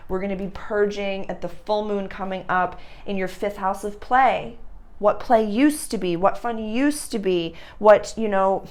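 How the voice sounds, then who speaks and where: A woman's voice: mid-range voice, unhurried. A woman giving an intuitive astrology reading, affectionate and rambling, calling the listener dear and honey, with the odd blunt swear word. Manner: tender and rambling, full of "like". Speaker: astrology reader.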